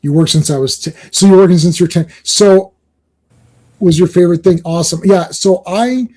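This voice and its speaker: A man's voice: high-pitched, normal speed, dark tone. A middle-aged man from Canada hosting a live stream, chatting casually and rambling with many restarts. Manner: rambling, self-interrupting, chuckling. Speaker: stream host.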